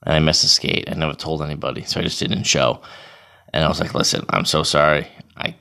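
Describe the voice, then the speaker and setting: A man in his thirties telling a casual, profane, animated story about himself. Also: rumbling low, fairly quick, gravelly. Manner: profane, animated, self-mocking.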